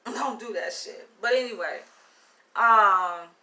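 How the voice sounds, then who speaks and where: A woman's voice: mid-range voice, slow pace. A young woman vlogger telling a story to camera in casual talk, swearing constantly and filling with "yo" and "like". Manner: animated, swears constantly, says "yo" and "like".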